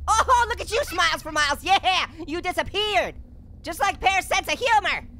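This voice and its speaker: Squeaky talking orange, piercing high pitch, lively swoops, punning, jumpy, gaming host. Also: male voice, normal speed, background noise. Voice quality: squeaky, sped-up cartoon voice. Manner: punning, jumpy, giggly, yelps at scares. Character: hyper, wisecracking male talking orange. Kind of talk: comedic let's-play commentary.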